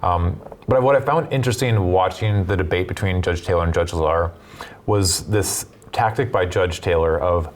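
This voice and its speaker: A man delivers political commentary in a lowish voice. He talks in quick, animated bursts and tells stories with energy. He sounds like a studio guest. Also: a little hiss or hum. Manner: animated storyteller, quick bursts when making points.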